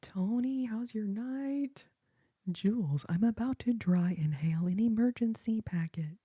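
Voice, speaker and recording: A woman hosts a whispered role-play ASMR stream, talking slowly in a breathy, mellow hush. The sound is dry and close to the mic, so every soft word carries. She drifts between gentle chat and quiet sung lullaby lines. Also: fairly high pitch, lively intonation, no room sound. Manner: soft whispering, chatting with viewers and giggling; sings snippets of lullabies in a hushed voice. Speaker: ASMR livestream host.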